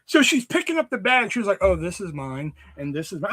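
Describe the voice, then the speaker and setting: A man with a fever chatting casually on a livestream, telling a rambling story full of swearing and loudly acted quotes. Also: high voice, very animated, a little fast. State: sick with a fever. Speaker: streamer.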